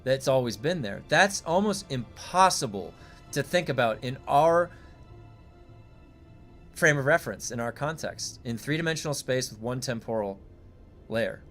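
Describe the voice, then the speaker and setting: A man's voice: mid-range voice, animated, unhurried, pauses often, fairly bright tone, soft background music. Rambling, curious man streaming live. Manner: rambling, curious, thinks aloud with swearing. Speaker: game streamer. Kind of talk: casual livestream musing.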